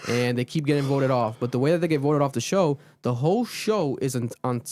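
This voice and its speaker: A man hosting a casual podcast, recapping a reality show in an animated, profane storytelling way. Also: medium pitch, fairly quick. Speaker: podcast host.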